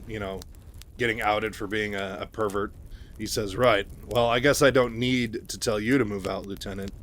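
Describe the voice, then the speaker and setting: A man's voice: on the low side, a bit bright, a little hiss or hum. Chatty man retelling a story casually. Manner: chatty, many fillers and asides. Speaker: channel host.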